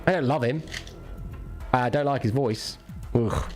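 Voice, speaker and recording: A man's voice: medium pitch, unhurried, darkish tone, soft background music. A man streaming a game, ranting crudely and jokingly in a rambling, casual chat. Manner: rambling, crude, jokey rants.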